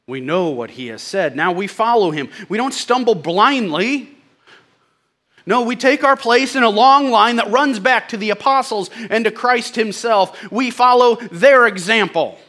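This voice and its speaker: A man preaching with a high, bright, ringing voice. He swings between loud, forceful peaks and quiet, hushed lines, and slips in folksy, humorous asides. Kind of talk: sermon.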